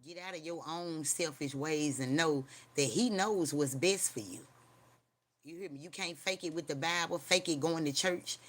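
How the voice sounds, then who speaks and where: Here the mid-range voice is a bit bright and moves at a moderate pace. Chatting casually from home, the streamer rambles, swears and uses slang while blending a spooky personal story with street preaching, repeatedly checking in with viewers: "you hear me?"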